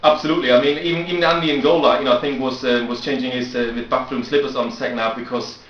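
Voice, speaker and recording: A man's voice: medium pitch, fairly even intonation, rapid-fire, fairly bright tone. An amateur footballer rattles off a jokey post-match chat at breakneck speed. He rambles through his points with plenty of fillers. The sound is roomy and lo-fi. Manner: rambling, full of fillers and restarts. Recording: echoey lo-fi recording.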